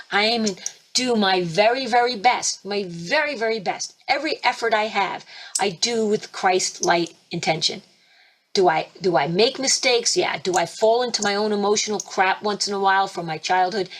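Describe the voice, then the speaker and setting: A woman spiritual teacher hosting a webinar, talking emphatically and fervently, with sudden leaps in pitch and loudness. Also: moderate pace, slight background noise. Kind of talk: impassioned preaching webinar talk. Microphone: computer mic for a webinar.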